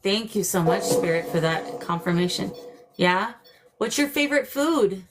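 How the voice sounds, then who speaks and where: A woman's voice: medium pitch, expressive, normal speed, background noise. An older woman hosting a paranormal livestream from home, chatting casually, laughing and coaxing spirits with questions. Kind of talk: casual live-stream chat.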